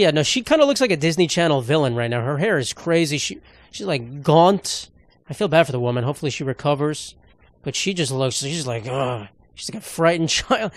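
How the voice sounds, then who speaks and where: A man's voice: a little high, no room sound. A young man hosting a solo comedy podcast, rambling through sarcastic jokes and asides. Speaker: podcast host.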